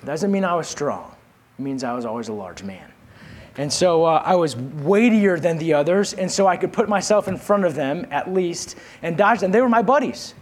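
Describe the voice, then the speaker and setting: A husky, fairly high-pitched male preacher delivering a sermon. He tells personal stories, drops low and quiet, then builds to raised, emphatic calls for the congregation to answer back. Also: animated, moderate pace.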